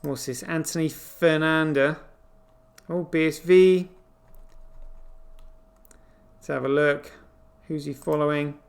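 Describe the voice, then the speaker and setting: Incredulous high-voiced man. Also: steady tone, takes it slowly, gravelly, pauses often. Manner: exclaiming, incredulous, swearing asides. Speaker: crypto show host. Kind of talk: casual live commentary on screen.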